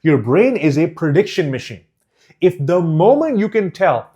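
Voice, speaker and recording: A man teaching public speaking in a lively, rising-and-falling voice. He talks emphatically and directly, demonstrating by swinging between loud delivery and near whispers, quick bursts and slow, deliberate phrases. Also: a little high. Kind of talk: teaching course.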